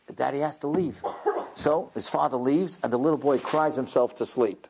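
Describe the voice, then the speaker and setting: In a mid-range voice with vocal fry and a darkish tone, a man giving a religious lecture dramatizes a story at a moderate pace. He's a rabbi, and he performs each character as he goes.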